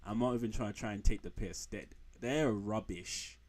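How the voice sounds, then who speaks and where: A man's voice: lowish voice, normal speed, darkish tone. A man streaming from home, rambling frankly through football players with slang and blunt put-downs. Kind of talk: casual live-stream commentary.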